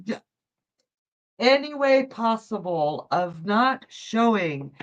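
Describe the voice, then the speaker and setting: A woman's voice: mid-range voice, big pitch swings, takes it slowly. A woman hosting a live psychic reading stream, talking in a chatty, folksy way and calling viewers honey and love. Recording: dull lo-fi stream audio.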